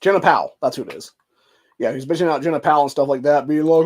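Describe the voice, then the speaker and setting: A man's voice: a little high, expressive, quick pace. A young man hosting, ranting angrily and profanely, peppering his talk with dude and bro. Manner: profane, heated, heavy filler words like dude and bro. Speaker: commentary host. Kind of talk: angry political rant.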